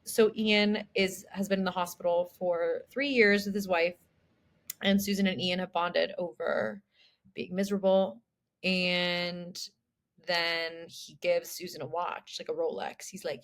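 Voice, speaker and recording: A woman's voice: lowish voice, flat delivery. A young woman co-hosting a podcast, chatting loosely about a TV show and filling her talk with "like". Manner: chatty, full of "like" and quick restarts. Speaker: podcast co-host. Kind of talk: casual chat recapping a TV show.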